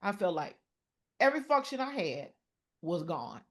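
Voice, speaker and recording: A middle-aged woman, a podcast guest, speaking earnestly in a personal conversation about mental health, often pausing and restarting her sentences. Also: on the low side, big pitch swings, a bit bright.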